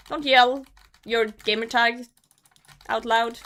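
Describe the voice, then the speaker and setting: A young Norwegian woman, a native Norwegian speaker with a Norwegian accent, telling a story casually on her game livestream, animated, laughing often and swearing freely. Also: a little high, a little slow. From Norway. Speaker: game streamer.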